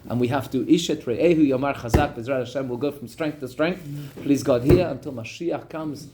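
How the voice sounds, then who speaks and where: A man teaching a class as a rabbi, telling a story in an animated way and talking directly to his audience. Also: mid-range voice, a little fast, a little hiss or hum. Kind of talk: storytelling lesson.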